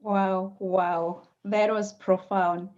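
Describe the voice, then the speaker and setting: A woman hosts an online talk, speaking in a measured, appreciative way as she sums up her guest's message. Her voice is mellow and mid-pitched, and the audio sounds dull and lo-fi. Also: level tone. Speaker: host. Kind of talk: interview hosting.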